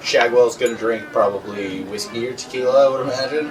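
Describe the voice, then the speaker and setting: A man narrating as game master of a tabletop game, relaxed and full of filler words. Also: mid-range voice, brisk, distant mic, a crowd in the background.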